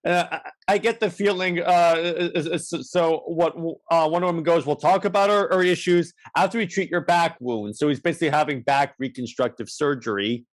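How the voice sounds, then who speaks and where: A man's voice: on the high side, fairly quick, hardly any pauses. A man co-hosting a podcast, casually recapping a comic with many restarts and acted-out quotes. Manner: rambling, many restarts, acts out lines. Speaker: podcast co-host.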